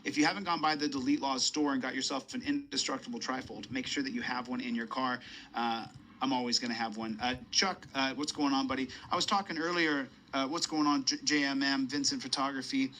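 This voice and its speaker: A man's voice: mid-range voice, steady tone, a little fast, bright, forceful tone, low-quality recording. A man chatting casually on a live stream, rambling, repeating himself and greeting viewers by name. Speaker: livestreamer.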